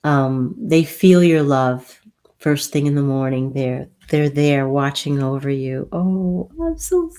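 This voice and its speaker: A woman hosting a live spiritual advice chat and reading oracle cards. She talks gently and soothingly, halting often and repeating herself as she goes. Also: rumbling low, expressive. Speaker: host and spiritual healer.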